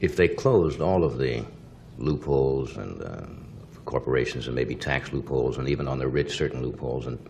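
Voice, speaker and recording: A man hosting a talk show, interviewing a guest with short agreeing replies and halting questions. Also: extremely low pitch, gravelly, darkish tone, slight background noise.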